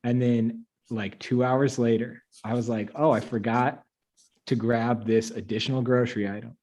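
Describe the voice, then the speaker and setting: Young guy telling a story, lots of energy, laughs as he goes, mid-pitch voice. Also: moderate pace. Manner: animated storyteller, acts out quotes with laughs. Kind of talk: casual panel chat, storytelling.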